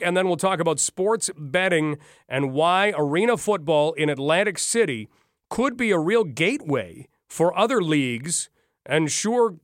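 A man hosts a talk radio show in a brisk, conversational manner, speaking straight to his listeners. His voice sits a little high for a man. The studio recording is dry and close, with no room echo. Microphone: studio microphone.

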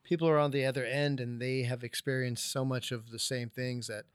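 A man's voice: medium pitch, level tone, fairly quick, clear, resonant tone, no room sound, studio quality. A man hosting a podcast, speaking earnestly as he wraps up the episode. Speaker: podcast host. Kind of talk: casual podcast wrap-up.

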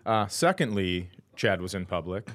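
A man's voice: sits low, very animated, normal speed, a bit bright. A man hosting a podcast, telling a comic story in a profane, indignant way. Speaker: podcast host. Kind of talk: comedic storytelling chat.

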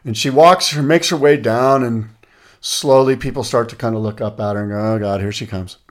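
A man co-hosting a casual podcast, telling stories and jokes in an animated way. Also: medium pitch, moderate pace. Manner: animated storyteller, rattles off lists. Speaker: podcast co-host. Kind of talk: casual chat.

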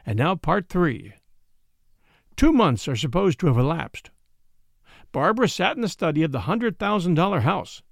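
Expressive male story narrator. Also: a little high, normal speed, creaky, pauses often, no room sound, studio quality. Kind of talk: dramatic story reading.

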